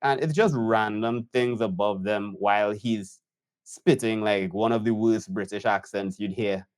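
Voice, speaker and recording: Man, editor reaction commentary, thoughtful, unhurried, lowish voice. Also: clean tone.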